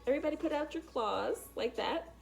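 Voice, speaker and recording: A woman, a spiritual teacher, giving an animated spiritual talk in a casual, emphatic and dramatic way, speaking straight to her viewers. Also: sits high, a little fast, creaky, soft background music.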